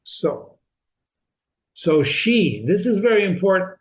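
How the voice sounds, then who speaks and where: A man's voice: fairly high pitch, animated, unhurried, poor audio. A man hosting a reading lesson who explains a novel step by step, repeating and restarting words as he stresses key points. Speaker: literature teacher and channel host.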